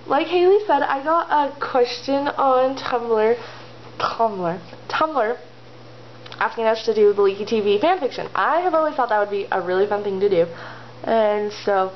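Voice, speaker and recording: A woman's voice: fairly high pitch, normal speed, a little hiss or hum. Chatty woman rambling through a story. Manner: chatty, rambling, full of "like" and "you know". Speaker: vlogger. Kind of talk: casual storytelling, retelling fan fiction. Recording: slightly dull lo-fi home video audio.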